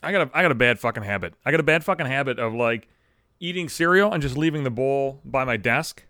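Animated, foul-mouthed man ranting. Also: medium pitch, fast talker, dry recording, clean studio sound. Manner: heavy swearing, exasperated ranting. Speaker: comedic monologue host. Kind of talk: profane comedic rant. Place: home room. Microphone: studio microphone.

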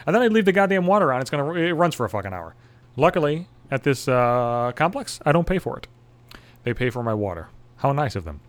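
A man's voice: medium pitch, big pitch swings, brisk. A man who works in radio, delivering a profane, sarcastic, angry rant to the camera. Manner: angry, swearing constantly, sarcastic. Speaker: radio station worker. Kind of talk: profane ranting monologue.

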